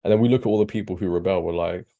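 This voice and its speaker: Deep gravelly man, blunt. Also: racing, mellow, dull audio. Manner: blunt, opinionated. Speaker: podcast co-host. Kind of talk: casual discussion.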